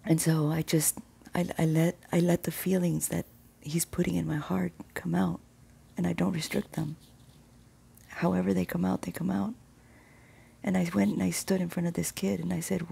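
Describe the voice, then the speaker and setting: A woman's voice: fairly even intonation, moderate pace, long pauses, mellow. A woman sharing a personal faith testimony, earnest and reflective, sometimes dropping to a whisper. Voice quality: gravelly low voice. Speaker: Christian vlogger sharing testimony.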